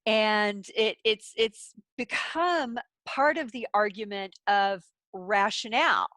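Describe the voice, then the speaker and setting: A woman's voice: mid-range voice, slow, a bit bright, no room sound. A woman co-hosting a podcast in casual chat, restarting words as she explains. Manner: conversational, repeats words while finding her point. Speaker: podcast co-host. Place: San Francisco.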